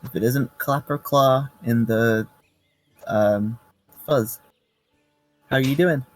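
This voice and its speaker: An awkward human ranger, played by a British man in a tabletop game, rambling and correcting himself. His voice sits at a middle pitch. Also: takes it slowly, soft background music, close to an everyday voice, poor audio.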